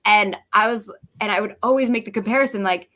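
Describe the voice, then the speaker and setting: A young woman chatting casually as a guest, animated, swearing freely and acting out her own quoted lines. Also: mid-range voice, fast talker. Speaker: podcast host guest. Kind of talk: casual chat.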